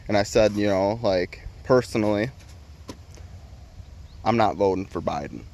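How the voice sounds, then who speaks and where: A man's voice: fairly low pitch, lively intonation, unhurried, darkish tone. A man vlogging an opinion rant, heated and rambling, swearing constantly and restarting his sentences.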